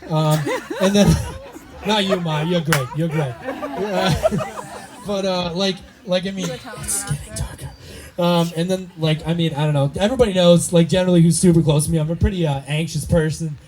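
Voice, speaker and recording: A man's voice: a little high, steady tone, normal speed. Tipsy young man rambling through a wedding toast. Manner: rambling, joking, laughing often. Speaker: brother of the groom giving a toast. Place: wedding reception party. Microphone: handheld microphone. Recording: noisy party crowd. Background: crowd chatter and laughter.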